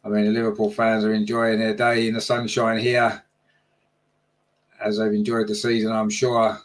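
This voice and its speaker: A man's voice: on the low side, completely flat delivery, normal speed. Male fan-channel commentator, partisan and conversational, spikes in energy on attacks. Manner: partisan, chatty, rises sharply on chances.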